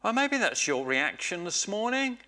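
A man preaching a sermon, slow and emphatic, often repeating phrases for weight. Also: sits high, very animated, bright, forceful tone.

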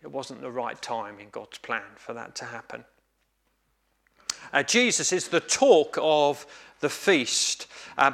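A man preaching a sermon, telling a story in a measured, reflective way with pauses. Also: on the high side, sharp tone.

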